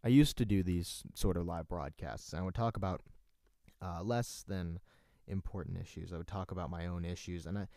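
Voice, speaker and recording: A man's voice: deep voice, moderate pace, warm tone, dry recording, clean studio sound. A young man hosting his own livestream, chatting casually, rambling and reading out chat comments with self-deprecating asides. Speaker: livestream host.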